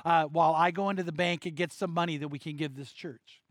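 Anxious husband in a sermon story, urgent and pleading, fairly high voice, as a preacher puts him on. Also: male voice, fairly even intonation, fast, dry recording, clean studio sound, lightly acted. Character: anxious husband, secret believer abroad.

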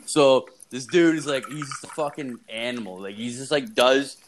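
A man's voice: mid-range voice, normal speed, slight background noise. Rambling, profane young man telling a story. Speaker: podcast guest. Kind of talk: casual podcast chat.

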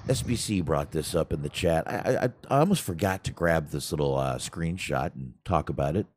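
A man's voice: extremely low pitch, normal speed, a little mellow, slight background noise. A man co-hosting a podcast in casual chat, rambling and making self-deprecating, salty jokes. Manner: salty, profane humor. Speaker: podcast co-host.

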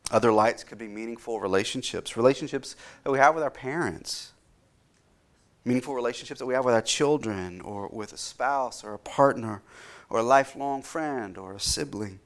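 A man's voice: mid-range voice, moderate pace. Earnest man preaching a sermon. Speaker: pastor.

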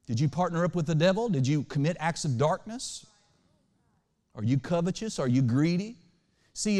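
A male pastor preaching a sermon. He swings between loud and hushed lines and asks the congregation to respond. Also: fairly high pitch, in a large hall.

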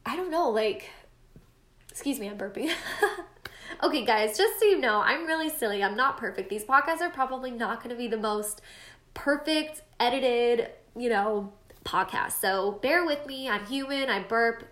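A woman's voice: fairly high pitch, moderate pace, a bit bright, echoey room. A woman in her late twenties hosting her own podcast, talking in a casual, encouraging and self-deprecating way, with a stuffy nose. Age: late 20s. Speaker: podcast host. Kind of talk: casual solo podcast monologue.

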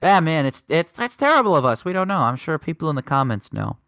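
Man, podcast co-host, casual rambling chat, animated pitch, dry sound. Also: fast, no room sound. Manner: relaxed, rambling, joking asides.

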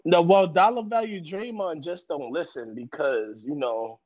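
Casting: male podcast host, blunt and joking, slightly high voice, dull lo-fi recording. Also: measured pace, darkish tone. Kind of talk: casual chat. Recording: dull lo-fi sound.

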